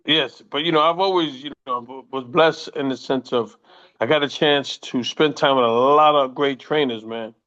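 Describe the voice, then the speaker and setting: A man in his sixties, a former boxer, telling profane, animated stories in a casual interview and quoting people as he goes. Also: mid-range voice, normal speed. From United States. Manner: profane, animated anecdotes with quoted voices. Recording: muffled lo-fi audio.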